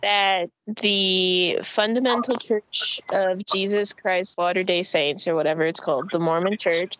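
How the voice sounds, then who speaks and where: A woman's voice: fairly low pitch, steady tone, measured pace, fairly bright tone, slight background noise, low-quality recording. A woman co-hosting a casual podcast, chatting in a rambling way with many fillers. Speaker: podcast co-host.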